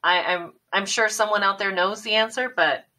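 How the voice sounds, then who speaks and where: Woman, podcast co-host, casual chat, frank manner, bright sharp voice. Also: medium pitch, fairly even intonation, recorded from a distance, poor audio. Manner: frank, chatty, quick to laugh.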